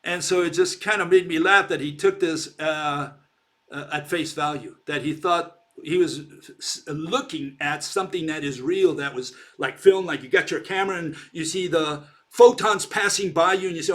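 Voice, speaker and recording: A man's voice: a little high, moderate pace, a bit bright. A man giving an informal science lecture, emphatic and mocking, checking in often with "okay?". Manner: emphatic, keeps asking "okay?", mocking of critics.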